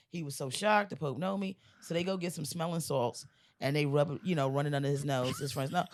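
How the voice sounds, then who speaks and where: A woman in her forties, a comedian guest, telling a long joke in casual podcast chat, animated and laughing often. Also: deep voice, a little fast. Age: 40s. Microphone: studio mic.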